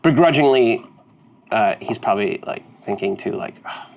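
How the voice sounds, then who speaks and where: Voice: mid-range voice, lively intonation, normal speed, vocal fry, darkish tone, muffled recording. A tabletop game player who talks playfully and often laughs while joking in character.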